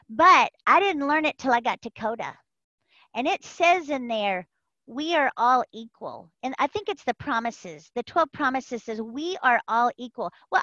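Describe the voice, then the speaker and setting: A woman giving an animated, folksy personal testimony to a support group over an online call, repeating phrases for emphasis. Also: high voice, no room sound. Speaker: member sharing at a support group. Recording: dull lo-fi call audio.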